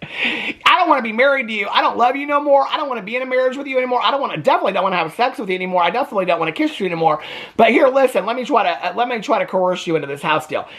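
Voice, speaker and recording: A man mimicking a self-pitying husband who coldly dumps his wife, in a rushed, raised, mocking tone. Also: very high voice, expressive, fairly bright tone, pitched above the performer's own voice, exaggerated voice.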